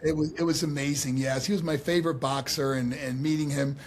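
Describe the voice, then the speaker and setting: A man as a podcast guest, telling stories in a lively, casual way with many fillers and restarts. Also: on the high side, a little fast, slight background noise. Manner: animated, lots of fillers and restarts. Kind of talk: casual interview storytelling.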